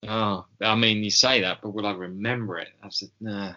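A man co-hosting a podcast in casual chat, slow and hesitant with many ums and pauses. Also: on the low side, fairly even intonation, pushed and bright, lo-fi sound. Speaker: podcast co-host.

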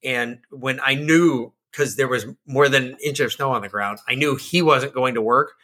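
Bright, husky man ranting. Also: mid-range voice, normal speed. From Georgia, USA. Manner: profane, animated ranting. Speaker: podcast co-host. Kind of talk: casual political chat.

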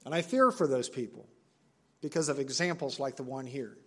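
A man preaching a sermon to his assembly, earnest and emphatic, repeating key phrases and slowing down on stressed words. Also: medium pitch, fairly bright tone, slightly rough. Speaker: pastor.

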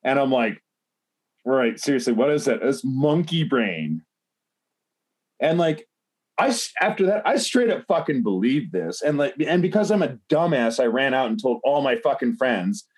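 A man in a casual podcast chat spins a rambling anecdote, cursing often and leaning on fillers. His voice sits at an ordinary middle pitch. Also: expressive, moderate pace. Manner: rambling, heavy swearing, many fillers like "like". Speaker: podcast host telling a story.

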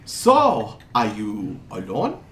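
An eccentric, overly friendly stranger whose accent slides from one country to another, as a man puts him on. He talks slowly with big swings in pitch and mangles his idioms. The recording is roomy, with a faint hiss behind it. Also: huge pitch swings, a bit bright, heavily acted. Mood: flirtatious. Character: odd flirtatious man, accent jumping around. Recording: roomy, noisy.

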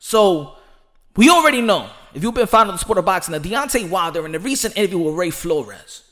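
A man giving rambling, animated casual commentary as a boxing vlogger, laughing often. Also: high-pitched, a little fast.

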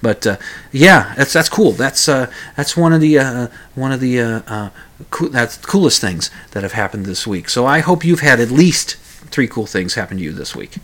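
A man's voice: mid-range voice, expressive, normal speed, fairly bright tone. Rambling man hosting a radio talk show. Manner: rambling, hesitant, full of "uh" fillers and restarts. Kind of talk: casual solo radio talk.

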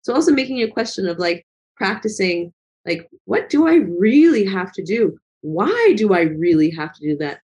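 A woman's voice: mid-range voice, very animated, normal speed, a little mellow, lo-fi sound. A woman talking as a guest in a casual conversation, earnest and reflective, with lots of fillers. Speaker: guest, travel vlogger.

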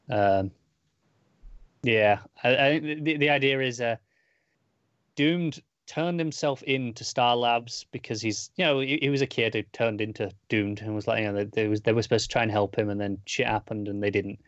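A man's voice: medium pitch, moderate pace, no echo, muffled recording. Rambling man recapping comics. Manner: rambling recap with fillers and restarts. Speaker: podcast co-host reviewing comics. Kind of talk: casual chat.

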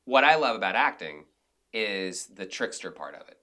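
A man, a director and actor, talking casually in an interview and telling animated stories from the theater with many restarts. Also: on the low side, normal speed. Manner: animated, acts out quotes, frequent restarts.

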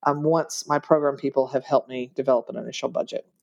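A woman's voice: a bass voice, fairly even intonation, fast, gravelly, a little mellow, muffled recording. A woman grant writer in casual podcast conversation, explaining her approach step by step, with fillers along the way.

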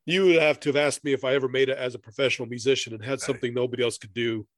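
A man's voice: medium pitch, steady tone, very fast, no room sound. A man co-hosting a podcast in casual chat, rambling through his notes and laughing often. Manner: rambling, reads passages aloud, laughs often. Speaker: podcast co-host.

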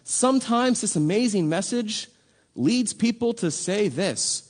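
A man's voice: sits high, lively intonation, measured pace. A man preaching a sermon in a conversational, emphatic way, full of rhetorical questions. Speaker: pastor.

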